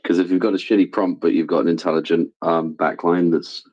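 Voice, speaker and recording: Deep man in debate, measured explainer, muffled recording. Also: little pitch movement, a little mellow, slightly rough. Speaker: debate participant. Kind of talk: casual debate chat. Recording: muffled lo-fi sound.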